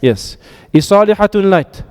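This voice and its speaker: A man teaching an Arabic grammar class, quizzing his students with quick drills and joking asides. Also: high-pitched, lively intonation, a little mellow, clean tone, in a large hall.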